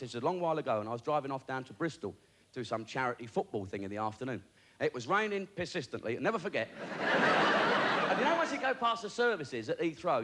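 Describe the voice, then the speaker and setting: A man doing a stand-up routine on a TV variety show, full of cheeky, rambling patter and asides. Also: on the high side. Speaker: stand-up comedian. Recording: noisy broadcast with loud studio audience. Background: audience laughter.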